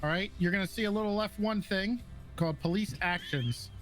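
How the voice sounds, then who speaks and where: Man with a high voice, game roleplay instructor, casual and chatty, keeps checking the recruits follow. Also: a little fast, fairly bright tone, faint music behind. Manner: casual, repeats "okay" and "right" to check understanding. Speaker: police academy instructor in a roleplay server.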